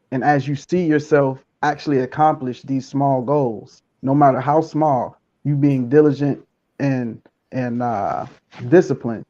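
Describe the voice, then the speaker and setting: A man talking on a discussion panel, thoughtful and halting as he works through his points. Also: medium pitch, dark tone, dull audio.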